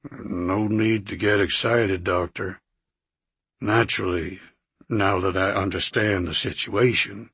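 A guarded, wary country doctor speaks in a deep, unhurried drawl, voiced by a man reading an audiobook. The voice is husky and raspy. The recording is close and dry, with no room sound. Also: fairly even intonation, fairly bright tone, no echo, full character voice. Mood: grudging. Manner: slow, stubborn, guarded. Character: drawling, suspicious older male country doctor.

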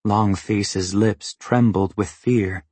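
A male audiobook narrator with a low, husky voice, telling the story in a measured, even way. He takes his time over every sentence. The recording is dry and close. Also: no room sound. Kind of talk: scripted narration.

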